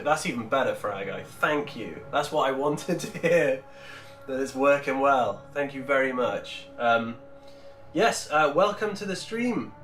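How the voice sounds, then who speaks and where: A man with a medium-pitched, slightly bright voice livestreams casually while painting miniatures. He chats and rambles as he answers his chat, talking into a Bluetooth microphone, and the sound is roomy.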